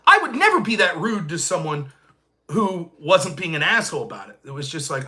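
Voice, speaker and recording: A man in his forties tells a casual, profane story as a podcast host. His voice sits fairly high and bright, swinging lively up and down. He banters loosely and swears freely. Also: brisk.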